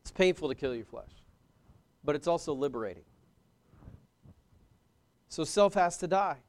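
High, clear-voiced male preacher. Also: lively intonation, normal speed, darkish tone. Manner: emphatic, repeats key phrases, asks the audience questions. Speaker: pastor. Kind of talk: sermon.

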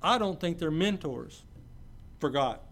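Male preacher, a touch high-pitched, reads scripture and talks it through in a casual way. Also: animated, unhurried, a bit bright. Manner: conversational asides, checks in with listeners. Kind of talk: sermon with scripture reading.

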